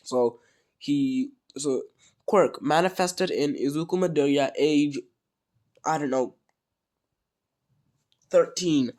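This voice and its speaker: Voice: mid-range voice, takes it slowly, long pauses, a little mellow. Rambling storyteller with a cold. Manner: rambling, many fillers and restarts. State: sick with a cold. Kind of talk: casual fan-story retelling.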